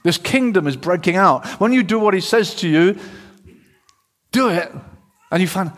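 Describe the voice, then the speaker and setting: A middle-aged man preaching a sermon, dramatic, swinging between loud, urgent passages and hushed ones as he acts out a story. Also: sits high, animated, moderate pace, long pauses.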